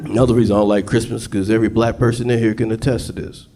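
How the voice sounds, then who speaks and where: A male stand-up comedian doing a profane, conversational set on stage, now and then breaking into shouts, with audience laughter throughout. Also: fairly low pitch, little pitch movement, racing, few pauses. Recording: live club crowd laughter.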